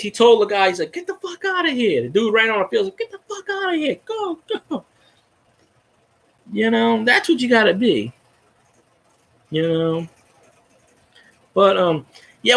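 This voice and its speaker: A man's voice: high voice, bright, forceful tone. Fired-up, foul-mouthed man ranting. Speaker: fan video host. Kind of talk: casual ranting fan chat.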